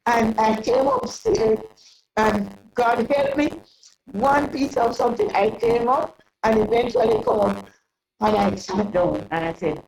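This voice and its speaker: An older woman telling a long personal story in an interview, rambling and halting with many restarts. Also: on the high side, expressive, vocal fry, darkish tone, poor audio. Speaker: interview guest. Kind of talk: casual storytelling.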